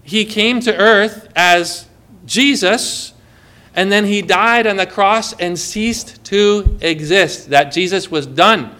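A man preaching a sermon in an animated way, often putting questions to the congregation. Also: sits high, slow pace. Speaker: pastor.

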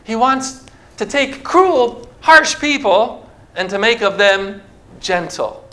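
A man with a high, bright voice delivers a sermon in a church, speaking directly to his congregation. He leans on rhetorical questions and hands-on object lessons in a conversational preaching style. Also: lively intonation, slow. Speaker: pastor.

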